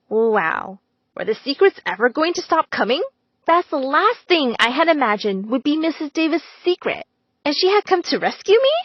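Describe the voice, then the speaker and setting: A woman with a fairly high voice narrates a first-person animated story, leaning into the drama. The recording is close and dry, with a slightly dull tone. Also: normal speed, dry recording. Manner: dramatic, expressive.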